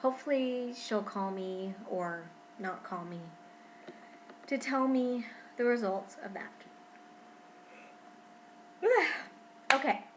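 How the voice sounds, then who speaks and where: A young woman talking casually to her camera at home in a pregnancy vlog, chatty and expressive, often saying "freaking". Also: mid-range voice, measured pace, a little hiss or hum, rough recording. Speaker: vlogger.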